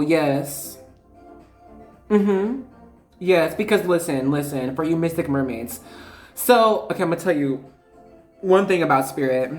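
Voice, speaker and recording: A woman giving an intuitive card reading to viewers, chatty and excitable, often trailing off and correcting herself mid-thought. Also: low voice. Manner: addresses viewers casually as y'all. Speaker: tarot reader. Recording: echoey room with faint music.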